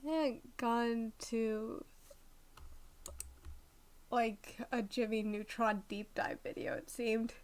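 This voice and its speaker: Slow, flat-voiced woman streaming a game. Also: on the high side. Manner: rambling, self-correcting chatter. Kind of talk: casual chat while playing.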